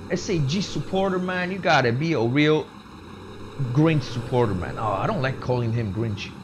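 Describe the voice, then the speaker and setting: Chill young guy streaming, slightly high voice, keeps saying man and bro, loud vehicle rumble behind. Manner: laid-back, says "man" and "bro" constantly, reads chat aloud. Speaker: gaming streamer. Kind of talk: casual live-stream chat while playing. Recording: game engine noise behind the voice.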